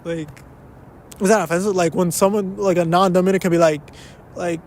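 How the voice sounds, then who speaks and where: There's a little hiss or hum under this young man's high-pitched, somewhat dark voice as he talks at a normal speed. Hosting a solo podcast from an uptown neighborhood of a big city, he wanders off topic, cuts himself short, curses and code-switches between English and Spanish.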